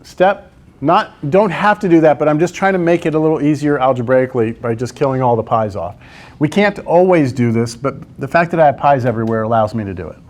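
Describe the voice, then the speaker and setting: In a classroom, a man with a medium-pitched, slightly mellow voice teaches math at a fairly quick clip. He quizzes students as he goes through problems, coaxing them along with frequent "right?".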